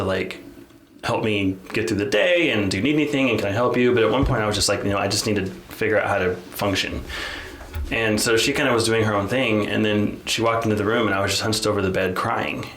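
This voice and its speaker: Male podcast co-host, lowish voice, earnest and candid, loose conversational delivery, echoey room. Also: a bit bright. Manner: earnest, candid storytelling with frequent restarts and "like". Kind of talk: casual chat. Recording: roomy echo, faint noise.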